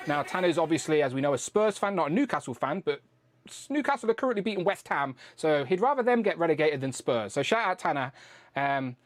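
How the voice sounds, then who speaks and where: A man's voice: fairly high pitch, expressive, a little fast, dry recording. A man hosting a toy-collecting live stream in a casual, rambling, chatty way, swearing freely.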